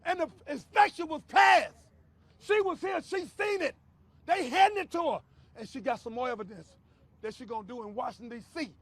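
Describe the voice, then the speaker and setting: An older man, a community activist shouting a fervent protest speech and repeating himself. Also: very high voice, a little fast, dry recording.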